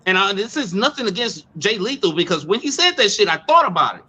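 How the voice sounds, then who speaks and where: A man in a casual online talk, telling a story in a loud, profane and animated way, stumbling over repeated words. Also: high-pitched, fast, slightly rough. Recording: dull lo-fi sound.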